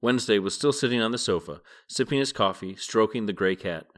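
A man's voice: fairly low pitch, a little fast. A man hosting a podcast who reads a novel aloud a page at a time and chats about it afterward. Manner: relaxed, chatty reflection. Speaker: podcast host and reader. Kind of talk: reading a novel aloud and commenting.

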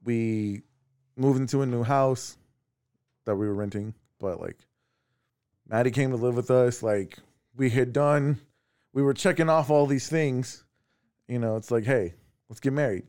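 A man co-hosting a podcast from home, telling personal family stories in a casual, animated way. He laughs often and acts out the voices of the people in his stories. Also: medium pitch, measured pace, pauses often, clear, resonant tone, dry recording, studio quality. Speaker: podcast co-host.

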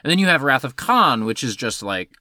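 A man co-hosting a podcast, chatting casually about films, animated, swearing freely and laughing often. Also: medium pitch, fairly quick, no echo, clean studio sound. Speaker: podcast co-host. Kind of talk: casual film discussion.

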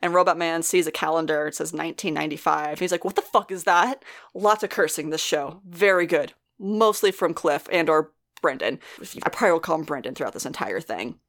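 A woman's voice: sits low, fairly quick, few pauses, fairly bright tone. A woman co-hosting a podcast, giving a casual, laughing recap of a TV episode and swearing freely. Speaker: podcast co-host.

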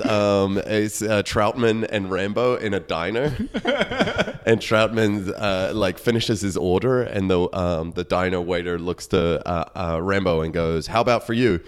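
A man hosting a casual movie podcast, acting out imagined scenes as stories. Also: clean tone. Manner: storytelling, acts out dialogue with big pitch swings. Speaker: podcast host. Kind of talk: casual chat.

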